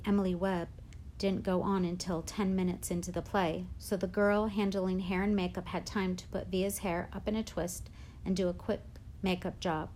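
A woman reading a first-person novel aloud with measured, expressive storytelling. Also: on the low side, slight background noise. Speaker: audiobook narrator.

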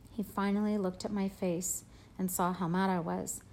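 A woman's voice: mid-range voice, little pitch movement, moderate pace, a little mellow, a little hiss or hum. Woman reading a story aloud. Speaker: audiobook narrator. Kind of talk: first-person novel reading.

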